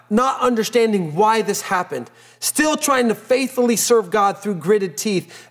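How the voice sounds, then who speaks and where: A man preaching a sermon as pastor, telling a personal story in an earnest way and repeating phrases for emphasis. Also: high voice.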